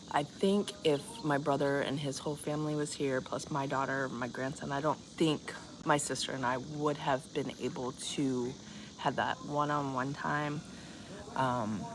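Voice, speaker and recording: Low-voiced woman in her fifties chatting. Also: fairly even intonation, measured pace. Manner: rambling, chatty storytelling with many fillers. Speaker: vlogger. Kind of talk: casual chat to viewers. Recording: loud cricket noise behind voice. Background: crickets and insects chirping.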